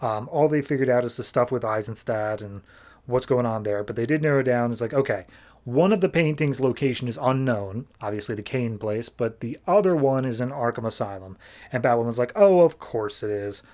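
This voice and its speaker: A young man hosting a podcast. He recaps comics in a loose, casual way, full of "like," and he sums up characters in quick asides. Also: mid-range voice, a little mellow. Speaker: podcast host reviewing comics.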